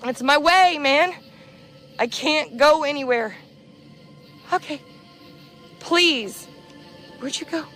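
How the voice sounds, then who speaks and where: A woman filming herself outdoors in dark woods at night on a handheld camera, talking to viewers in a frightened, pleading, panicky way and swearing. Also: sits high, slow pace, pauses often, faint music behind. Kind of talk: frightened live commentary to viewers.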